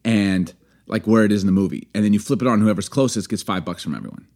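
A man's voice: lowish voice, fast, a little mellow. A man co-hosting a casual podcast with his wife, playful and joking. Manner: playful, jokey, breaks into song and silly voices. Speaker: podcast co-host. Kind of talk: casual chat.

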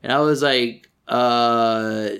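A man in a loose, casual movie-review chat, talking at an average pitch. He rambles through his points, swears freely and gets animated when something bugs him. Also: normal speed. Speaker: podcast co-host.

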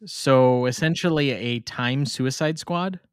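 Man, podcast co-host, mid-pitched voice, dry close sound; relaxed and wry. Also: slow pace, clean tone, no room sound. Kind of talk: casual movie podcast chat.

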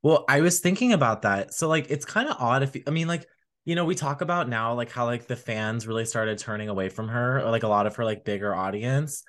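With a brisk, animated delivery, a man co-hosting a podcast rambles through casual chat packed with fillers. His voice is mid-range with a fairly bright tone.

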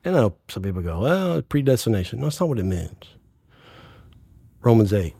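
An earnest man in his sixties tells his faith story as an interview guest, bringing the quoted conversations to life. His voice is mellow and husky. The sound is close and dry. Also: medium pitch, expressive, normal speed, no room sound. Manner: earnest, acts out quoted dialogue. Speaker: podcast guest.

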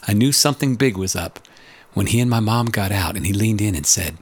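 A man's voice: fairly low pitch, animated, brisk, breathy edge. An older man narrating in a reflective, scripted way, earnest and building rhetorical lists.

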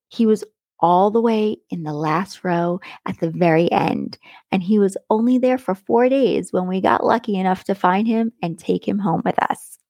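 A middle-aged woman talks straight into a close mic, with a dry sound and no room around her. She tells her story to listeners in a chatty, animated way. She is blunt, and her voice has a middle pitch. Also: no room sound. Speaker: podcast host. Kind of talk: casual storytelling monologue.

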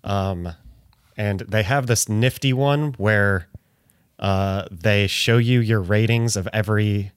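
A man's voice: on the low side, slow, smooth, no room sound, studio quality. A man co-hosting a movie podcast in casual, chatty talk. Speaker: podcast co-host. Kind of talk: casual chat.

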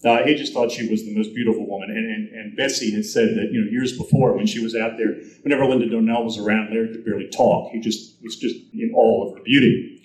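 A man's voice: fairly low pitch, steady tone, fast, a little mellow, roomy sound, slight background noise, rough recording. A man speaking to an audience, telling film history anecdotes and acting out the quoted voices as he goes. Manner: storytelling, acts out quoted voices.

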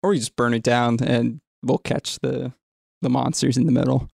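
A man's voice: medium pitch, steady tone, moderate pace, gravelly, a little mellow, husky, no echo, studio quality. A man on a tabletop gaming podcast who chats casually and makes crude jokes. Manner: crude, joking. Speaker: podcast player. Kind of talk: casual group chat.

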